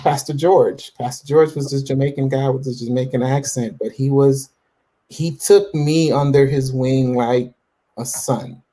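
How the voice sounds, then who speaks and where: A man's voice: medium pitch, fairly even intonation, unhurried, warm tone. A man in his forties speaking as an interview guest, telling his faith story with self-assured conviction and plenty of restarts and fillers. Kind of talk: casual interview talk about faith.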